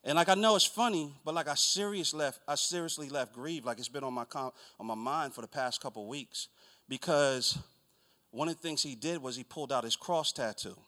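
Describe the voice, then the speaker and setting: Conversational preacher man, slightly high. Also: brisk, bright, forceful tone. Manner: conversational, rambling, acts out dialogue. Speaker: pastor. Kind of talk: sermon storytelling.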